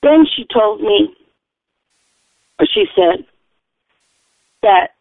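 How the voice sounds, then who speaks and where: A woman's voice: medium pitch, lively intonation, extremely slow, vocal fry, long pauses, no room sound. A woman telling a personal faith testimony in an earnest, rambling way, often correcting herself. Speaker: storyteller. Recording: tinny phone-like radio sound.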